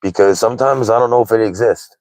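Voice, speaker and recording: A man's voice: on the low side, fast, a little mellow, no room sound, poor audio. A man in his thirties hosting a casual livestream chat, candid and rambling, with lots of "like" and "right?". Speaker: livestream host.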